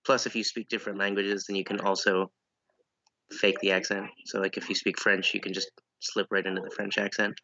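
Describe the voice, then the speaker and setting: A man's voice: low-pitched, little pitch movement, fairly quick, bright, forceful tone, no room sound. Dry, rambling man on a lo-fi mic. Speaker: comedian guest. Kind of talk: casual comedic chat.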